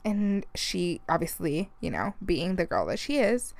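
A woman's voice: on the low side, very animated, measured pace, gravelly, darkish tone, no echo. A woman podcast host who is also a mother, telling a story in casual chat, with lots of fillers and frequent laughs. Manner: chatty storytelling, many fillers, laughs often.

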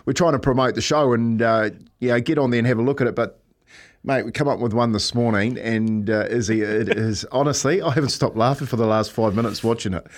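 A New Zealand man at mid pitch co-hosts a morning radio show. He rambles through casual banter, chuckles often and drops "mate" into nearly every sentence. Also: a little fast. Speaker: radio breakfast co-host.

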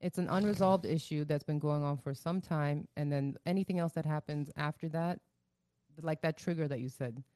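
Woman co-host, low mellow voice, thoughtful talker, dry close mic. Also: normal speed, dry recording. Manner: thoughtful, explains with many "like" fillers. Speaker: podcast co-host. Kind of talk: casual chat.

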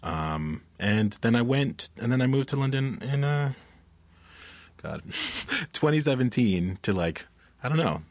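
An American man with a deep, resonant voice, chatting casually as a musician guest in an interview. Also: measured pace, no echo. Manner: relaxed, rambling, laughs often.

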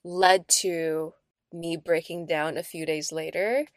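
A woman's voice: deep voice, steady tone, slow pace, no echo, studio quality. A woman in her thirties, co-hosting a podcast, telling a personal story in casual, chatty talk full of "like". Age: 30s. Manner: chatty, storytelling, filler-heavy with frequent "like". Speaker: podcast co-host.

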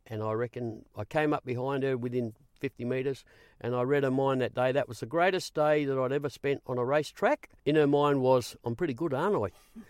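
Brief: older Australian male guest, lively yarn-spinner who acts out quoted dialogue, dry close recording. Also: medium pitch, dry recording. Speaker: guest, former racing reporter. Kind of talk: storytelling interview.

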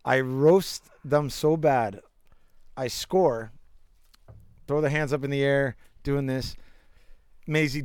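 A man's voice: mid-range voice, takes it slowly, pauses often, a little mellow, smooth, no echo. A young man in casual chat, telling rambling anecdotes with bursts of laughter and crude jokes. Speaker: storyteller.

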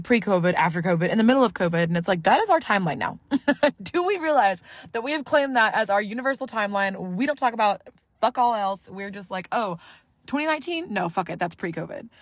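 Sitting in her car with a phone up to her mouth, this Southeast Texas podcast host talks solo in a fairly low voice, with no echo. Her casual chat wanders, she curses without holding back, and she mocks herself.

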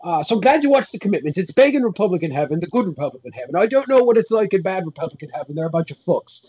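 A man's voice: sits high, big pitch swings, rapid-fire, a little mellow, husky, lo-fi sound, full character voice. A man voicing Saint Patrick as a cranky, profane old saint, ranting indignantly. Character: Saint Patrick, cranky foul-mouthed old Irish male saint.

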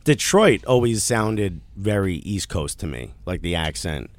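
Teasing man in relaxed chat. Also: measured pace, dry recording. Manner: laughing often, teasing, drops low and quiet at times. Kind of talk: casual chat.

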